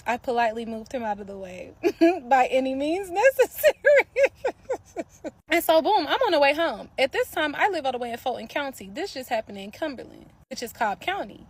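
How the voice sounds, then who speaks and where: A woman telling a personal story in a casual, animated way, talking straight to her viewers and laughing often. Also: high-pitched, fast talker, few pauses, slightly rough, dry recording.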